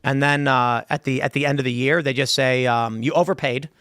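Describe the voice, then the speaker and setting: A man hosting a casual talk show, arguing quickly and reading out viewer comments. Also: mid-range voice, fairly even intonation, fairly bright tone, no echo, studio quality. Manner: argumentative, fast, mock-quotes people in asides. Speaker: host.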